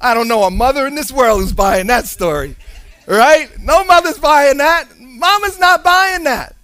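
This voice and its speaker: A male preacher delivering a sermon, animated, shifting between hushed and loud with sing-song emphasis. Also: very high-pitched, unhurried, no room sound.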